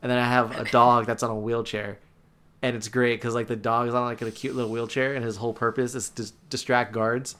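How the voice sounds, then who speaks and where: A young man co-hosting a casual podcast, rambling in a relaxed way with fillers. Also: medium pitch, brisk. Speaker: podcast co-host.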